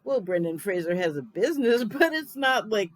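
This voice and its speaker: A woman's voice: medium pitch, big pitch swings, moderate pace, rough recording. Chatty woman in her fifties rambling. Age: 50s. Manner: rambling and chatty, corrects herself, laughs often. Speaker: film reviewer. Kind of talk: casual spoken film recap.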